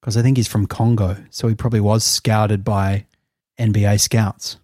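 A man's voice: lowish voice, level tone, normal speed, a little mellow, no room sound. A man co-hosting a casual podcast chat, dry-humoured and hesitant, with frequent fillers. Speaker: podcast co-host.

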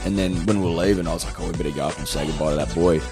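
A hungover man on a chat podcast, telling animated stories and swearing freely. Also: low-pitched, very fast, gravelly, music in the background. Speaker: podcast guest.

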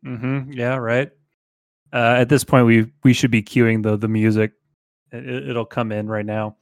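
This podcast co-host has a medium-pitched, level, clean voice, captured at studio quality without echo. Reading fan fiction aloud, he chats jokingly, bursting into laughter and slipping into quick put-on voices.

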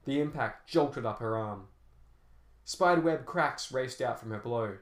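A man's voice: mid-range voice, a little slow. A man narrating an action novel as an audiobook, telling fight scenes dramatically with shifting pace. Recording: roomy echo.

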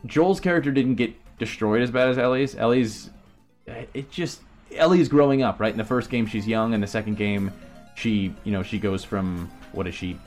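A man co-hosting a casual gaming podcast, rambling on in an animated way and laughing often as he talks. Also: on the low side, moderate pace, faint music behind. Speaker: podcast co-host. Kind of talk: casual chat.

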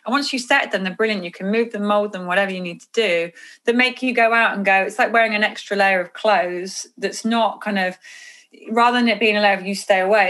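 A woman author talking casually about intuition and energy in an earnest, animated way on a podcast. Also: medium pitch. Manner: earnest, animated, drifts into quoted inner voices.

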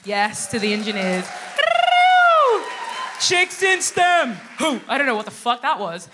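A woman from Sudan who grew up in Australia, co-hosting a live show and telling a stand-up comedy set in an animated way, swearing and acting out quotes. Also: medium pitch, fairly quick, heavy background noise. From Sudan, raised in Australia. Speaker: co-host.

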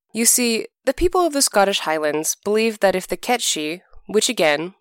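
Smooth-voiced woman telling a folk tale. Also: lowish voice, no echo, clean studio sound. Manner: lively, acts out characters' lines. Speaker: narrator. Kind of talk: storytelling narration.

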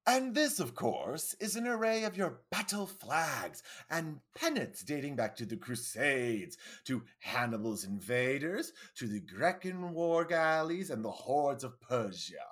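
A woman's voice: very deep voice, huge pitch swings, a little slow, breathy edge, full character voice. A woman cold-reading a flamboyant, posh male alien squire in a vaguely British accent that never fully commits. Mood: grandiose. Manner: grandiose, savoring every word.

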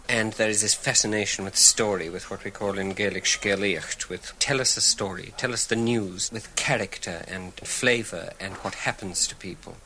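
A man explaining literary history in a measured, explanatory way. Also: on the low side, sharp tone, a little hiss or hum, poor audio. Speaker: literary commentator. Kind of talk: interview commentary.

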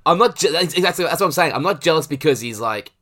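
A man's voice: fairly high pitch, animated, fast talker, fairly bright tone. A man co-hosting a casual podcast, telling a story and getting worked up as he rants. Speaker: podcast co-host.

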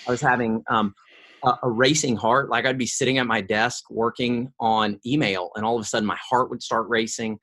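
Middle-aged male guest, casual animated storyteller, stumbles over openings, mid-range voice. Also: mid-range voice, a little fast. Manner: animated storyteller, repeats words at starts. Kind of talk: conversational interview storytelling.

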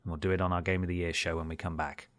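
A man hosting a podcast and running through the show's schedule in a relaxed, chatty way. His voice sits a little low and sounds dry and close on the mic. He often lets phrases trail off quietly. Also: racing, dry recording. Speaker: podcast co-host. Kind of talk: casual podcast outro.

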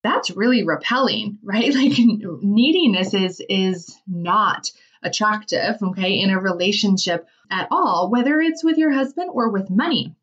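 A woman's voice: medium pitch, lively intonation, measured pace, few pauses, husky. A woman giving a casual motivational talk about money, chatty and full of "like" and "right?" asides. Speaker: business owner and money mindset speaker. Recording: slightly distant, dull lo-fi sound.

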